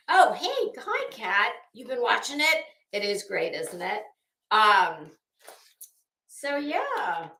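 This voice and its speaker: A tired woman rambles through a casual chat, restarting her sentences often. Her voice is bright and a little high, and she talks slowly. The room is echoey. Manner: rambling, chatty, with many restarts and fillers. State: tired and groggy. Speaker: host.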